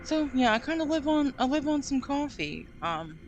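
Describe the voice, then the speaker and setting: A woman's voice: high-pitched, very animated, moderate pace, lo-fi sound, slight background noise. A woman hosting a casual live stream, giggly and effusive. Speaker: streamer host.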